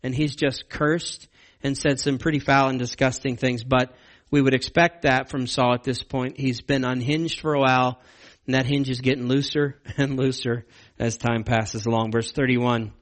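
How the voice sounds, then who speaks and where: A man giving a conversational Bible teaching, earnest and emphatic, slowing down on key words for stress. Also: mid-range voice, fairly even intonation.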